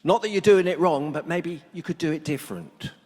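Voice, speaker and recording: A man's voice: fairly high pitch, brisk, darkish tone. A middle-aged man speaking to a workshop audience, a blunt and joking storyteller. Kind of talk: humorous talk to an audience. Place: conference hall. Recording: long hall reverb.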